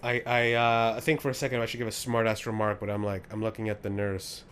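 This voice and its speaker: A man playing a tabletop game, joking and animated, often restarting his sentences. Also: on the low side, quick pace, clean tone. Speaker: player. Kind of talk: casual tabletop play.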